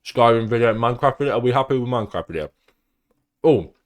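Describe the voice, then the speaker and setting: A man's voice: mid-range voice, lively intonation, fast. A young man livestreaming from home, chatting casually with viewers, rambling, swearing freely and teasing his chat.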